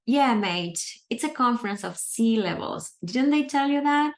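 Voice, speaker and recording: A man's voice: very high voice, lively intonation, unhurried, voice pushed up, full character voice. A woman reading aloud the lines of a cheerful, friendly young male conference speaker. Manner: friendly, joking.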